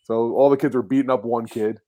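A man's voice: medium pitch, steady tone, fast talker, dark tone. A man, co-hosting a podcast and telling rambling, profane stories that act out the people he quotes. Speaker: podcast host. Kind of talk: casual storytelling chat.

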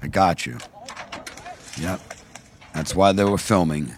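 A man in casual group chat, talking in an animated, incredulous and slangy way. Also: low voice, slow pace, slight background noise.

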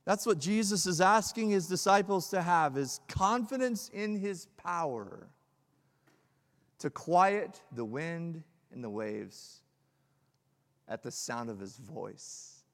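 A male pastor preaching a sermon, swinging from loud emphatic peaks to hushed, low lines. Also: lively intonation, slow pace. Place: church hall. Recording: long hall reverb.

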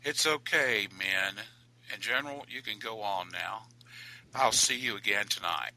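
A man's voice: on the low side, unhurried, pushed and bright, heavily acted, low-quality recording. A man putting on a whispering, taunting witch spirit. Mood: soothing.

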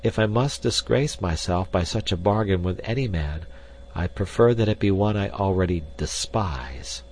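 A man's voice: low voice, lively intonation, moderate pace, a little mellow, slight background noise. A man reading the part of a proud young woman, earnest and dignified.

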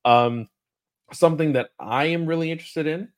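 A man's voice: on the high side, moderate pace. A man hosting a podcast in casual chat, rambling with lots of ums and uhs. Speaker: podcast host.

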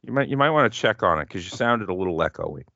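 A man's voice: deep voice, expressive, fast, bright, forceful tone, no echo, dull audio. A man co-hosting a podcast in casual chat, joking, laughing often and swearing freely. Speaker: podcast co-host. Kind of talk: casual chat watching old wrestling.

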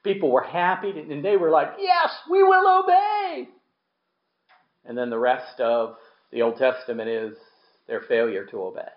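A man's voice: mid-range voice, moderate pace, roomy sound, dull audio. A man preaching a sermon in a conversational way, asking the congregation questions and acting out quotes. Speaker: pastor.

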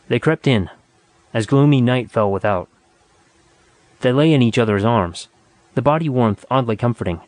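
A man reading a story aloud in a steady, measured narration. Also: mid-range voice, no room sound. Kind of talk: audiobook narration.

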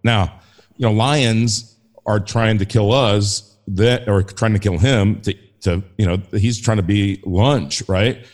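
A man's voice: on the low side, takes it slowly. A man talking as a guest in a casual faith conversation, enthusiastic and rambling with frequent restarts. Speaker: podcast guest.

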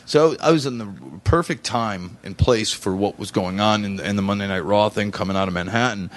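A man in his forties telling a story in casual chat, rambling with fillers and restarts. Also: low voice. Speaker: podcast guest.

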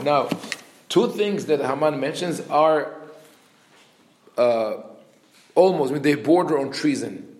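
A man giving an animated teaching talk. He often restarts and corrects himself mid-sentence, and he acts out the quotes he reads. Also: on the high side, slow, pauses often. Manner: frequent restarts and self-corrections. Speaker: religious teacher. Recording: roomy echo.

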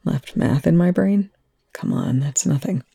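A gruff male commander, voiced by a storybook reader, calm and reassuring. The voice is dark and gravelly, with a dry, close sound. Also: on the high side, a little slow, no room sound, pitched above the performer's own voice, heavily acted. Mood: gentle.

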